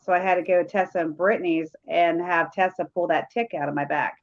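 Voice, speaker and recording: A woman's voice: fairly low pitch, fairly even intonation, brisk. Woman rambling through a story, lo-fi. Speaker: paranormal investigator. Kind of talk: casual chat. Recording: dull lo-fi sound.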